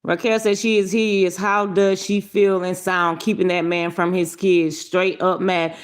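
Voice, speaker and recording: A woman's voice: on the low side, flat delivery, a little slow. A woman hosting a casual livestream, greeting viewers by name and giving brash, profane commentary with lots of laughter.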